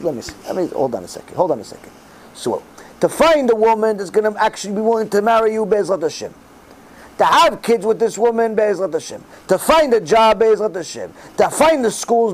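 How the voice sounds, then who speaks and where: High, lively-voiced man preaching. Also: low-quality recording. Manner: animated storytelling with acted dialogue, Hebrew religious terms. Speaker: rabbi giving a Torah class. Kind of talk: sermon.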